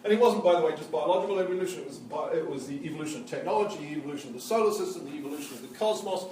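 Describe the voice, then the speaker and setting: In a museum lecture hall, a man plays a witty, enthusiastic Victorian naturalist, lecturing in character as an animated, theatrical, joking storyteller with a lively mood. His fairly high, natural voice races along with a crowd audible behind him, and the distant mic picks up the hall's echo.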